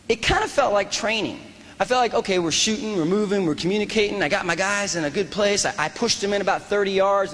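Animated man telling a war story. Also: sits high, long reverb tail. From United States. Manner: animated, acts out dialogue. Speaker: guest speaker, former soldier. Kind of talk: storytelling speech. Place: large hall at a fundraiser.

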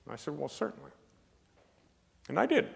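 A man's voice: on the high side, very animated, fairly quick, vocal fry. A man speaking as a priest giving a spiritual lecture, emphatic and anecdotal with dry humor. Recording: long hall reverb.

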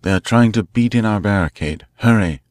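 A man voicing a resourceful male detective, calling out urgently and excitedly. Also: lowish voice, fairly quick, no echo, natural voice.

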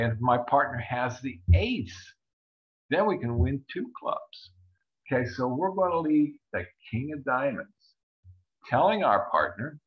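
A man's voice: mid-range voice, dull audio. A man teaching a card-game lesson as he walks through a hand on screen, chatting and acting out what the players think. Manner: chatty, acts out players' thoughts in little voices. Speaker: bridge teacher. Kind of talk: screen-share lesson walkthrough.

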